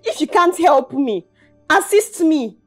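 A woman's voice: high voice, expressive, takes it slowly, soft background music. A woman playing a hurt young girlfriend, emotional and defensive in a skit drama. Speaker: abused girlfriend.

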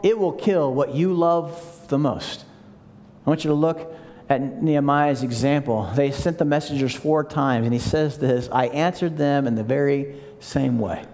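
Animated high-voiced pastor in a reverberant church. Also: male voice, normal speed. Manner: animated, acts out voices of the people he quotes; leads the congregation in call-and-response. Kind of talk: sermon. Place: large church hall. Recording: long hall reverb.

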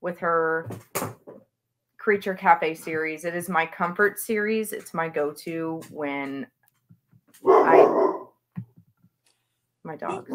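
A woman's voice: low voice, slow, long pauses. A woman author chatting as an interview guest, talking with gushing enthusiasm about books she loves. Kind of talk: casual interview chat.

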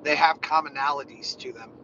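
A man's voice: a little high, brisk, sharp tone, lo-fi sound, slight background noise. Chatty man rambling in a car. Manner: chatty, rambling, laughs often. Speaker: vlogger. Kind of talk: casual chat on a car ride.

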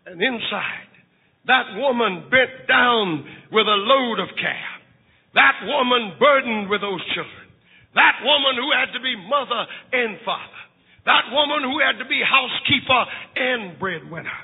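A pastor preaching a dramatic sermon to a large auditorium, retelling a story with shouting, crying and sudden hushed passages. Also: male voice, extremely high pitch, lively intonation, a little slow, breathy edge. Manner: shouting, crying delivery with big swings from hushed to loud. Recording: tinny lo-fi recording in a reverberant hall.

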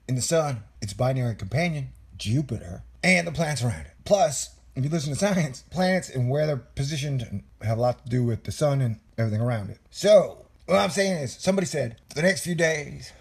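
A man's voice: mid-range voice, lively intonation, fast, hardly any pauses, breathy edge. A man talking casually to his viewers in a loose, musing monologue with asides. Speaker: vlogger.

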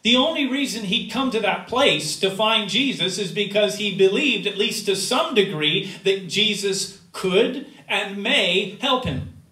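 Male pastor, fairly high voice, slow deliberate sermon delivery with loud bursts and hushed drops; recorded from a distance in an echoey sanctuary. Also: expressive. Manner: preaching with sudden loud rises and quiet drops. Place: church sanctuary.

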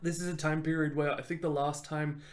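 A man hosting a podcast, telling a history story in an animated, casual way and laughing often. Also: a little high, brisk. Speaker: podcast host.

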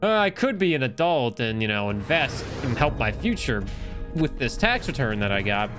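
A man's voice: medium pitch, very animated, normal speed, a bit bright. Chatty young male streamer over game music. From Canada. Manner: chatty, rambling, self-deprecating. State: tired, yawning. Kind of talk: casual gameplay commentary.

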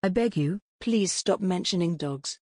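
A woman's voice: on the low side, animated, a little slow, darkish tone, breathy edge, no room sound, studio quality. A woman voicing an exasperated male talent manager with an irritated, sarcastic manner.

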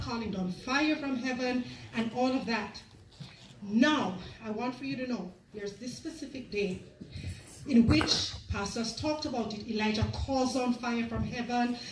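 A woman with a high, bright voice preaches a sermon and tells a story, briefly voicing its people as she goes. She sounds echoey and a little distant, picked up in a church hall with faint room noise behind her. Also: a little slow.

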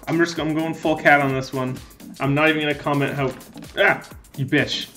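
A man's voice: a little high, fairly even intonation, measured pace, sharp tone, soft background music. A man giving joking let's-play commentary in a playful, goofy way, answering in mock meows. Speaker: gaming video creator.

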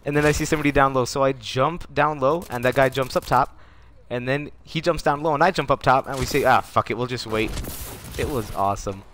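A man streaming a shooter game in casual, excitable commentary, joking, swearing and laughing often. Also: medium pitch, a little fast, slight background noise. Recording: loud game gunfire behind voice.

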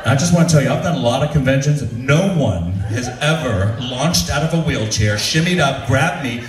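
A man, an actor, telling a comic convention story live on stage and acting out the people in it. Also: moderate pace. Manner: animated, acts out quoted voices with big pitch jumps. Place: large room with a live audience, from far off. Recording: echoey room, distant mic, faint ambience.

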